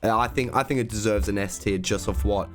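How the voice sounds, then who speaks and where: A young man hosting a casual film review, gushing as an emotional, excitable fan. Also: on the low side, fairly quick, music in the background. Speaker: YouTube reaction host ranking films.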